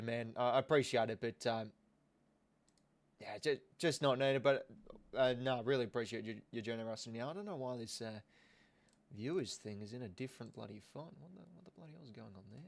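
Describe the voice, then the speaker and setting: A young Australian man runs a live football watch-along stream, his middle-pitched, gravelly voice relaxed and chatty. He keeps restarting small bits of sentences as he thanks the viewers.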